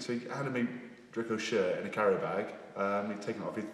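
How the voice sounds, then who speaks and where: Low-voiced man telling stories from across a reverberant room. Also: fast talker. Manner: laid-back, self-mocking storyteller. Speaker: podcast co-host, former rugby player. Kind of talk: casual anecdote telling. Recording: reverberant room, heard from a distance.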